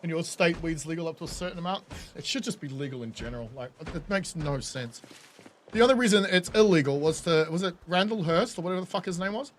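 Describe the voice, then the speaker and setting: Kiwi guy streaming, high voice, swears and laughs a lot, noisy background. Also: expressive, fast talker. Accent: New Zealand. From New Zealand. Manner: laughing, swearing, ranting to chat. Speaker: game streamer. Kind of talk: casual live-stream chat.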